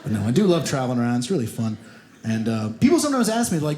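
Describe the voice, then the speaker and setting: A man's voice: mid-range voice, fast. A man from Kentucky doing a stand-up comedy set, telling stories and acting out the voices of people in them. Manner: animated storytelling, acts out quoted voices. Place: comedy club stage. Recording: echoey theater with loud audience laughter.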